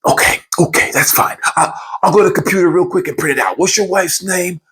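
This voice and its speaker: A man's voice: high voice, brisk, a bit bright, voice pushed up. A man doing a flustered, apologetic manager. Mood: hurried. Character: flustered young male restaurant manager.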